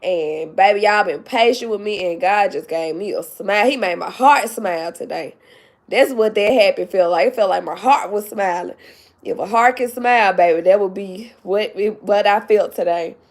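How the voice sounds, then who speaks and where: A woman's voice: medium pitch, moderate pace. A woman chatting on her livestream, emphatic and tearful with joy, calling her viewers "baby" and "y'all". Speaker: YouTube vlogger. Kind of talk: casual livestream chat.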